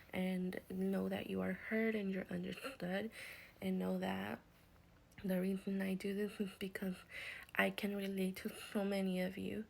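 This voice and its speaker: A woman in a whispered guided healing session, speaking in a soft, soothing whisper with gentle reassurance. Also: mid-range voice, vocal fry, rough recording. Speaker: reiki healer.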